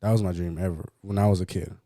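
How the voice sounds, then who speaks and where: Deep, dark-voiced man telling a story. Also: quick pace, no room sound, studio quality. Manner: profane, animated, acts out what others said. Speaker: podcast co-host. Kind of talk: casual podcast storytelling.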